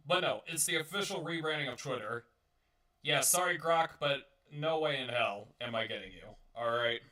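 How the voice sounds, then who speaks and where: In a reverberant space with a distant mic, a man with a medium-pitched, sharp voice talks at normal speed while hosting a casual live-streamed talk show. He rambles, swears, and keeps repeating and restarting his words.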